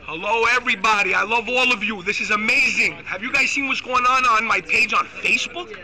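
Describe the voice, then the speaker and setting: A man hosting a live stream, ranting loudly and excitably with crude insults. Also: sits high, a little fast, rough recording. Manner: loud, excitable, profane, insulting. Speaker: host. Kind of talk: live-streamed political rant.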